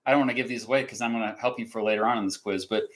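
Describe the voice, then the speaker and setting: A man's voice: medium pitch, steady tone, very fast, poor audio. A man hosting a casual talk show quiz, rambling with many fillers and chuckles. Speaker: podcast host running a quiz. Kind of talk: casual chat.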